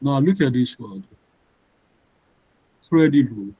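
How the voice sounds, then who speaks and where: Patient male English tutor, warm dry voice. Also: medium pitch, lively intonation, slow pace, husky, dry recording, muffled recording. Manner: patient, repeats each rule for the class. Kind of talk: online class teaching.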